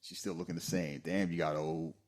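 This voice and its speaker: A man co-hosting a podcast, chatting casually about a movie and jumping into high falsetto voices for its lines. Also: level tone, brisk, a little mellow. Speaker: podcast co-host. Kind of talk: casual movie commentary chat.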